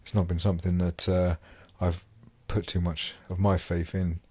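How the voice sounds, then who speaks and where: A man's voice: low voice, flat delivery, moderate pace, mellow, slightly rough, no room sound. A man hosting a podcast, talking casually about his time in prison, rambling with many fillers and restarts. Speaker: podcast host and former prisoner. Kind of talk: casual monologue.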